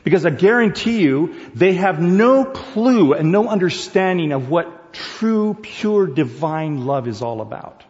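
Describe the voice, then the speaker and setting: A man's voice: sits high, animated, a little slow, few pauses, a little mellow. A man preaching a sermon, talking to the congregation in a conversational way and asking them questions. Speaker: pastor. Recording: dull recording with long hall reverb.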